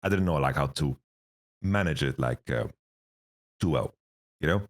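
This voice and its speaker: A man's voice: very deep voice, animated, moderate pace. A young man, an esports head coach, telling stories in a casual interview, laughing often and filling his speech with "like". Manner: laughs through stories, lots of fillers.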